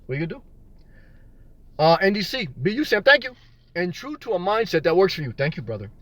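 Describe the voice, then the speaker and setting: A man's voice: high-pitched, sing-song, fast talker, fairly bright tone, no echo. Chatty man rambling to his live chat. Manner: rambling, joking, reads viewer comments aloud. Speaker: vlogger answering live chat. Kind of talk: casual live-stream chat. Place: in his car in a parking lot.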